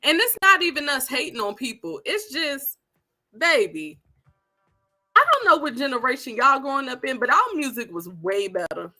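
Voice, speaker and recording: A woman, giving animated, sassy commentary straight to her viewers. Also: sits high, normal speed, faint music behind. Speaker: online commentator.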